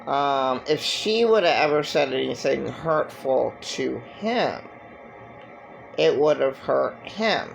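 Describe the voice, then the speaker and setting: Guy talking real slow and gravelly, halting rambly vlog monologue, bit of music under it. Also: medium pitch, lively intonation, rough recording. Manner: halting and rambling with many fillers. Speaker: vlogger. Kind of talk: personal monologue.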